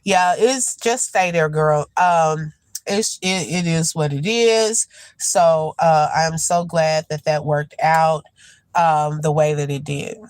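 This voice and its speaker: A woman with a lowish voice hosts a casual live commentary, chatting in a slow, easygoing way. She speaks straight to her viewers and calls them y'all and child. The sound is close and dry, with no room echo. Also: darkish tone. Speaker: host reacting to news.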